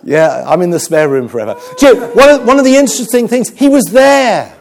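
A man preaching a sermon, telling stories with jokes and an animated delivery. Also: high voice, quick pace, heavy background noise. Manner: animated, joking storyteller.

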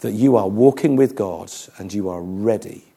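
A man preaching a sermon, moving between humour and hushed, serious storytelling. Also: on the low side, moderate pace, creaky, breathy edge. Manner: animated, humorous preaching with dramatic quiet passages.

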